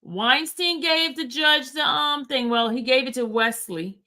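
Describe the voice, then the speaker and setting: A woman's voice: high voice, measured pace, pushed and bright. Casual woman hosting a live recap. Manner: stumbles over legal wording while reading aloud; casual, talks straight to viewers in chat. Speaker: livestream host. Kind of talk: livestream recap, reading court filings and answering chat.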